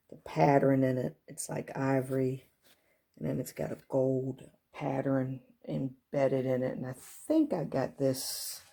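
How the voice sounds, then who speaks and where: A woman's voice: extremely low pitch, creaky, dark tone, breathy edge. A woman giving a casual show-and-tell of her home decor, chatty and full of fillers and unsure asides. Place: at home beside a kitchen cart. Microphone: handheld camera moved up close.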